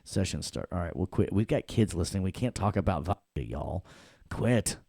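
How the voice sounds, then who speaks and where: Playful deep-voiced male audio instructor. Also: expressive, normal speed, creaky, darkish tone, dry recording, clean studio sound. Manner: playful, jokey, talks to the class. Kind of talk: live classroom software tutorial.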